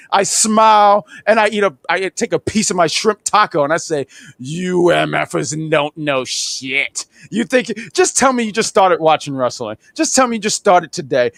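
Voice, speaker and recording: A man's voice: high voice, no room sound. A man in his thirties co-hosting a casual wrestling review show, telling rambling, laughing stories. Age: 30s. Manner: animated, rambling storytelling with laughs. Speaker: podcast co-host.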